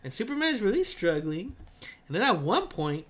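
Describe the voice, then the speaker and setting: A man co-hosting a podcast in a casual, heated debate, animated and profane, laughing often. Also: high-pitched, normal speed. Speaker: podcast co-host.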